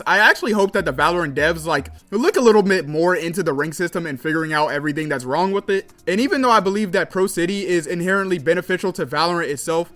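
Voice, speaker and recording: A young man with a fairly high voice talks through a gaming commentary video. His delivery is casual and loose, full of "like" and "kinda". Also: fairly bright tone. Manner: casual, with frequent fillers like "like" and "kinda". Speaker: gaming content creator.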